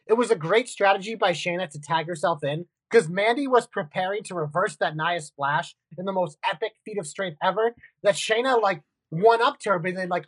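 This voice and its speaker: A woman co-hosting a casual wrestling podcast, animated and blunt, with quick asides and casual swearing. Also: medium pitch, husky, dry recording, low-quality recording. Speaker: podcast co-host.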